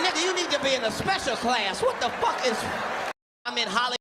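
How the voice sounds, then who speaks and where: A man doing a loud, animated, profane stand-up routine, breaking into shouted impressions of other people. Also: very high-pitched, brisk, very noisy. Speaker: stand-up comedian. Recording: live show with crowd and music.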